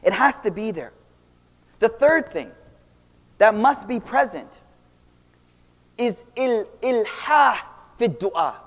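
A young man giving a casual, animated Islamic talk full of slang, swinging between loud and quiet. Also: high-pitched, takes it slowly, long pauses. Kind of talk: casual storytelling lecture. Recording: long reverb of a hall.

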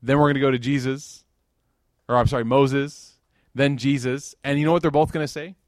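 A man speaks at a religious gathering in a relaxed, chatty sermon voice, sliding between light jokes and heartfelt retelling. His pitch sits mid-range for a man, and the sound is dry and close, with almost no room echo. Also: a little fast. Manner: conversational, with joking asides. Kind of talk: informal sermon.

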